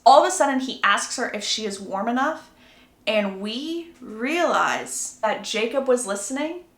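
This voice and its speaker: A woman casually recapping a story, chatty, with gossipy asides. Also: fairly high pitch. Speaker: book recap creator. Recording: roomy echo.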